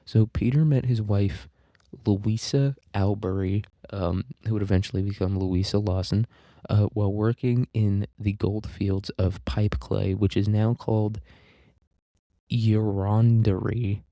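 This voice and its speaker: A man's voice: fairly low pitch, fairly even intonation, unhurried, dark tone, no echo. A man hosting a casual literature lecture, rambling, crude and joking, with profanity. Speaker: podcast host teaching literature.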